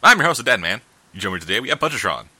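A man's voice: fairly low pitch, big pitch swings, very fast, sharp tone, slightly rough. A man hosting a casual podcast, trading sarcastic jokes with his co-host. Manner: joking, sarcastic banter.

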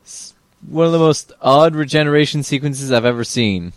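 A man's voice: fairly high pitch, normal speed, dry recording. A man commenting on a film with friends, offering dry asides and fan trivia. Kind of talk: joking commentary over a film.

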